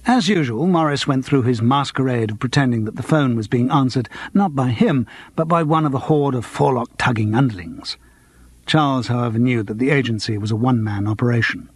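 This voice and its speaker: A man reading a cozy mystery audiobook as narrator, in a lively, expressive manner. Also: mid-range voice, fairly quick, husky. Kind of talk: scripted narration.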